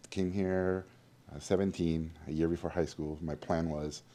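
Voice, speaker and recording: Low mellow guy telling stories in an interview, really animated, acts out the voices. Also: moderate pace. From Mexico. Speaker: guest animator. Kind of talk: storytelling interview.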